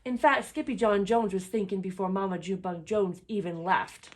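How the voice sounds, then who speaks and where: A woman reading a children's picture book aloud in an expressive, lively storytelling manner. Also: medium pitch, normal speed.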